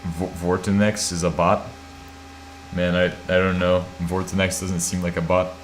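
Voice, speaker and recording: Streamer, American man, very low voice, drowsy and muttering, self-mocking, faint hum in the room. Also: level tone, measured pace. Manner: thinks aloud while typing, swears, self-mocking. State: half asleep. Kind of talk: casual live-stream chat.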